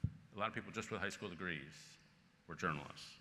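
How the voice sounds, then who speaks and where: His voice sits low and moves fairly quickly as this featured speaker, a columnist in his sixties, handles audience questions at a conference. Anecdotes and bursts of laughter fill his answers, recorded in a large hall with long reverb and faint noise.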